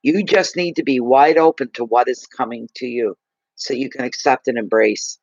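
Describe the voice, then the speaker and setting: A man giving a live tarot card reading, gushing and emotional, slow and soothing. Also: medium pitch, vocal fry, no echo, highs cut off.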